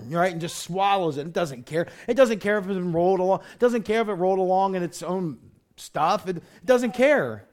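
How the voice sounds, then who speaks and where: A man's voice: high-pitched, a little mellow. A man preaching a sermon in a conversational way, full of rhetorical questions, restarts and "you know". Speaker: pastor.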